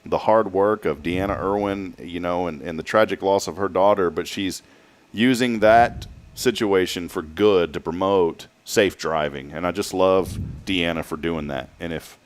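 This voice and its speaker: A man with a low voice hosts a morning talk show, chatting casually at an unhurried pace. He rambles and keeps interrupting himself to restart his sentences.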